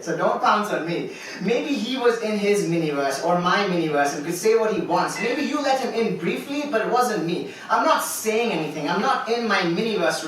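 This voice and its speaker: A man with a high voice performs a spoken word poem at an open mic, nervous and wry as he second-guesses himself. He is heard from across a very echoey club room. A faint hiss sits under him. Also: a bit bright, recorded from a distance. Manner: anxious, self-questioning, ironic. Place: poetry club stage, live audience.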